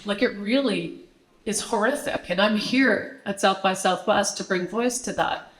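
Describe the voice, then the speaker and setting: A woman's voice: mid-range voice, a little slow, roomy sound, rough recording. A woman in the audience asking an earnest, rambling question at a screening Q&A. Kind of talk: Q&A question from the floor.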